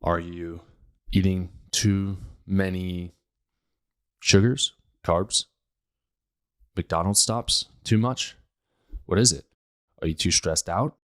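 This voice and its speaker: A man's voice: sits low, fairly even intonation, takes it slowly, long pauses. A man from Pittsburgh hosting a health podcast, talking emphatically and firing off rhetorical questions. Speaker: podcast host, health practitioner. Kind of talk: casual health podcast monologue.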